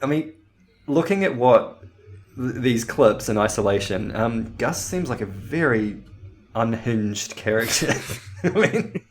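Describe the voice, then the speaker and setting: A man's voice: medium pitch, lively intonation, a little slow. A man co-hosting a podcast in casual chat, rambling and laughing often. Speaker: podcast co-host.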